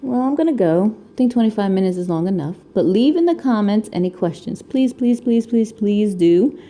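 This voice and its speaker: A woman's voice: medium pitch, expressive, normal speed, dark tone. A woman from Connecticut, around her thirties, with a Connecticut accent, chatting and rambling casually at home while she crafts, picked up by the camera mic. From Connecticut, USA. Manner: rambling, chatty, laughs often. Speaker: crafting vlogger. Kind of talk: casual chat while diamond painting.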